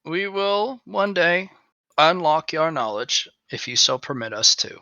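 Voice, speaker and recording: A man voicing a solemn, lofty male leader who speaks in a grave, measured and weary way in a tabletop game. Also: on the high side, lively intonation, sharp tone, no echo, highs cut off, pitched above the performer's own voice, exaggerated voice.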